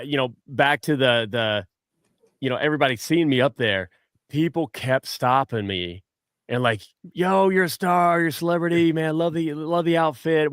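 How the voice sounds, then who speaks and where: A man appearing as a guest on a sports chat show, telling animated stories with many restarts and acting out what other people said. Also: mid-range voice, no room sound, studio quality. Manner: animated storyteller, many restarts, acts out quotes. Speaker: guest superfan.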